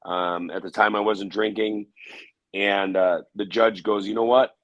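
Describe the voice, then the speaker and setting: A man with a fairly low voice recounts his past in a casual interview. He talks haltingly, with restarts and filler words. The recording is dry and close. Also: flat delivery, fairly bright tone, no echo, dull audio. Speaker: interview guest.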